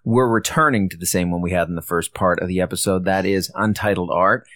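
A man co-hosting a casual podcast about films and beer, talking in a relaxed, chatty way with frequent restarts. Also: deep voice, a little fast, dry recording, clean studio sound. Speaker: podcast co-host. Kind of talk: casual film and beer chat.

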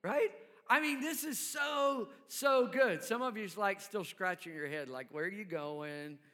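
A man with a high, bright voice preaches in an unhurried, conversational way, often checking in with his listeners. His words carry a long reverb from a large hall. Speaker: pastor. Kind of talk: sermon.

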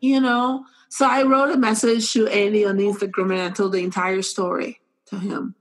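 Woman co-host with a non-native accent who tells stories with earnest, animated energy. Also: mid-range voice, moderate pace, rough recording. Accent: non-native English. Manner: animated storytelling, warm and earnest. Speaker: podcast co-host. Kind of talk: casual chat.

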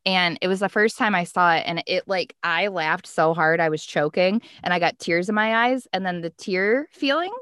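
A woman's voice: on the low side, normal speed, few pauses, fairly bright tone, smooth, studio quality. A woman co-hosting a podcast over a video call, easygoing and chatty, often echoing her friend's words. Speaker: podcast co-host.

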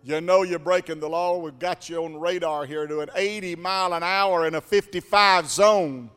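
A man playing a highway patrolman with a deep voice, stern and questioning, in an echoey hall. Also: fairly even intonation, normal speed, fairly bright tone, clean tone.

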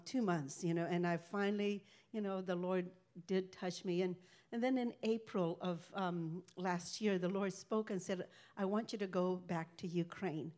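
An older woman giving a rambling, halting personal faith testimony as a ministry speaker. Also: fairly low pitch, darkish tone.

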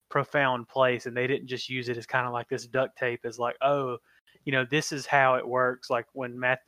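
A man's voice: mid-range voice, fairly bright tone, dry recording. A man co-hosting a casual film review podcast, talking in a thoughtful, hedging way with lots of "you know" and "like". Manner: thoughtful, hedging, with many fillers. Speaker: podcast co-host.

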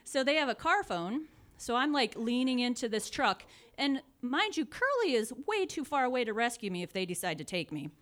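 Woman in her forties, a touch high-voiced, animated storyteller who laughs easily and acts out other people. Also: moderate pace. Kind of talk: casual personal storytelling.

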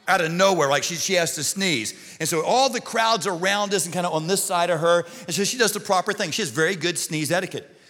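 A male pastor telling a funny story in a sermon, animated and comic, sometimes shouting the punchlines. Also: sits high, a little fast, soft background music. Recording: long reverb of a large hall.

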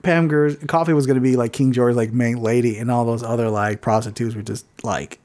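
A man's voice: medium pitch, a little fast, a little mellow. A man co-hosting a podcast, chatting casually about a movie, swearing freely, laughing often, and leaning on "like" as a filler. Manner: loose, profane, heavy use of "like" fillers, laughs often. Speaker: podcast co-host. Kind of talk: casual movie review chat.

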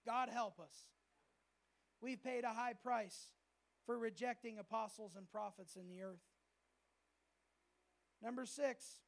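A male pastor preaching a sermon at a church service, lively and humorous, often acting out the voices of people he quotes. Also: very high voice, gravelly.

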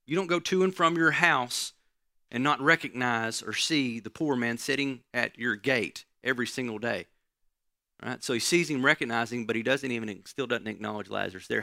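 A man's voice: medium pitch, moderate pace, gravelly, pushed and bright, dry recording, studio quality. A man preaching a conversational sermon, often checking in with the listeners by asking "right?". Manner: conversational teaching, frequent "right?" asides.

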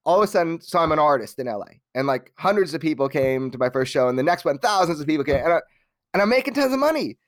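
The LA interview guest talks fast in a slightly high voice, telling his life story openly and energetically, full of restarts and casual swearing. The recording is dry and studio-clean.

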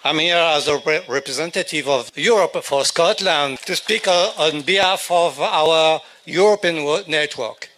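An older man with a French accent, a native French speaker giving a halting speech at an outdoor rally. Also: a little high, bright, forceful tone. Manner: halting, searching for English words.

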